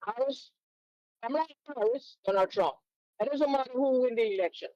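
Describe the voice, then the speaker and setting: A man calling in to a talk show who speaks in a halting, hesitant way. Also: very high-pitched, a little mellow, no echo, dull audio. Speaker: caller. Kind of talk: call-in opinion.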